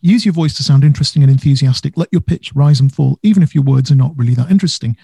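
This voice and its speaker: A man's voice: medium pitch, racing, creaky, dark tone, breathy edge, no room sound. A man co-hosting a casual business podcast, talking animatedly and stressing words for effect. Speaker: podcast co-host.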